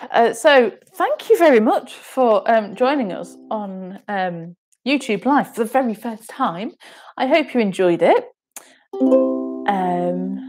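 A woman leading a gentle sensory music session at home, soothing and encouraging with frequent ums. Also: mid-range voice.

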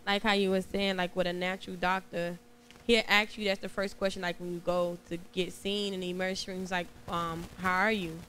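A woman's voice: on the low side, little pitch movement, fairly quick, noisy background. A woman from the congregation sharing a testimony in a casual, conversational way, with light laughter. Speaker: congregation member.

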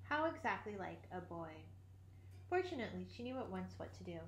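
A woman reading a children's classic aloud, expressive, with occasional slips and throat clearing. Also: mid-range voice, brisk, a little hiss or hum. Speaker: audiobook reader. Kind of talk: storybook narration. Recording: roomy echo.

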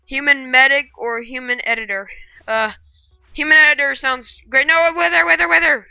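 A woman giving live gameplay commentary, excitable and bursting into loud shouting rants. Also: high voice, moderate pace, creaky, no room sound. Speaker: gaming video creator.

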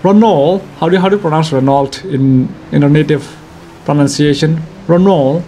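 A young Indian-accented man with a bright, high-pitched voice riffs through a racing game in a jokey, excitable way, often breaking into loud cheers. Game engine noise sits faintly underneath him. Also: fairly quick. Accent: Indian English. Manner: excitable, playful, jokey, bursts of shouting. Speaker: gaming YouTuber. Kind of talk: let's-play racing commentary.

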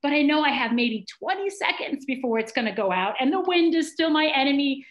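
A middle-aged woman telling a personal story on stage, animated and dramatic. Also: high-pitched, fairly quick, lo-fi sound. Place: congregation hall on stage. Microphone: stage mic with feedback. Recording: echoey hall.

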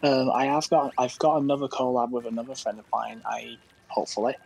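A British guest gamer chats casually while playing, his mid-range voice fairly quick, creaky, and slightly rough in a rough recording. He stammers, repeating his words as he gets excited.

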